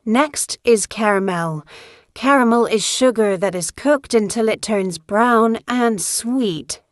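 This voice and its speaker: A woman teaches English in a slow, carefully paced voice, saying each example sentence clearly so it can be repeated. The sound is dry and close, with no room echo. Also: fairly high pitch. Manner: clear, deliberate, model-sentence delivery. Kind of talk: slow scripted language lesson.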